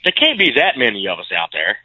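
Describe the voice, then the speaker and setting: Brief: animated male podcast co-host, slightly high voice, very lively pitch, dry phone-like sound. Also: quick pace. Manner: animated, laughs easily, chatty storyteller. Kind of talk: casual podcast banter. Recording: dry, tinny phone-like line.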